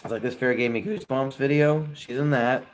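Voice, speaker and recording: A man's voice: medium pitch, brisk. A young man in his twenties hosting a casual live stream, chatting with viewers and giving friendly advice.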